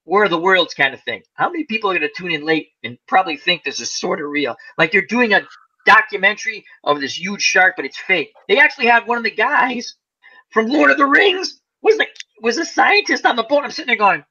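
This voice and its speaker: Host, male, lively chatty storyteller, bright tone, muffled audio. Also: sits high, brisk, breathy edge. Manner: animated storyteller, acts out voices. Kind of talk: casual chat.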